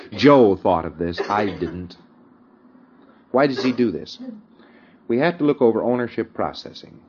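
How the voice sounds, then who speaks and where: A man's voice: low-pitched, lo-fi sound, a little hiss or hum. A man giving an informal lecture, often chuckling and checking that his listeners follow him. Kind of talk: conversational lecture.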